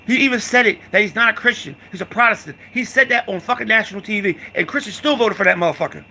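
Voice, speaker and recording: A man's voice: sits high, quick pace, bright, forceful tone, a little hiss or hum. A man from the United States giving a heated, profane political rant, repeating himself and calling the listener "dog".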